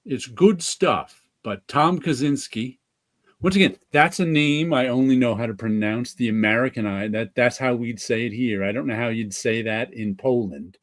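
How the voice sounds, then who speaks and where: A man's voice: mid-range voice, normal speed, hardly any pauses. A man with a New York accent chatting casually on a podcast, rambling with many restarts. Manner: rambling, with restarts and light laughs. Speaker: podcast co-host. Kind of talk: casual chat.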